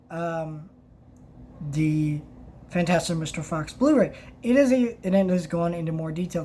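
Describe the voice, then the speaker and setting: A woman with a lowish, mellow voice reads passages from a book aloud and comments on them in a casual review. She often stops and restarts mid-sentence. A faint hum sits under the recording. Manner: halting, many restarts and fillers.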